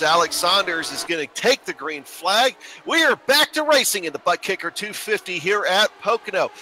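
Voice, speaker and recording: Bright-voiced man calling a sim race. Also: a little high, slight background noise. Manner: relaxed, filler-heavy, rises to excited calls. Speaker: race commentator. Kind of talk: sim racing play-by-play commentary.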